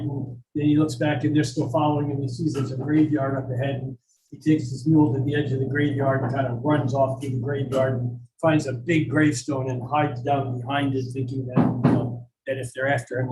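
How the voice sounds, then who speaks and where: A man's voice: mid-range voice, flat delivery, a little fast, background noise. A man hosting a live astrology evening, telling stories and chatting in a rambling, self-deprecating way full of fillers, at a coffeehouse event. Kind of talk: casual live talk and storytelling.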